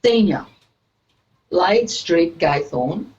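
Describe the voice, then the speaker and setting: Aussie woman storytelling, lower voice, muffled lo-fi sound. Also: lively intonation, extremely slow, darkish tone. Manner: storytelling, laughs easily. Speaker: guest. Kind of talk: casual chat.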